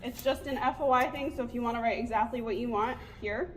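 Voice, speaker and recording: A woman working as a records clerk at a police station front desk, answering briskly and curtly. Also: fairly high pitch, slight background noise, low-quality recording. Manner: brisk, curt.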